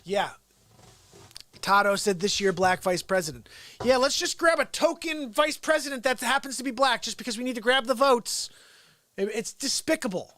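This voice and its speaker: A man hosting a daily livestream from home delivers an unscripted, sarcastic and animated rant about politics. His voice is extremely high-pitched, pushed and bright, at normal speed, with no echo.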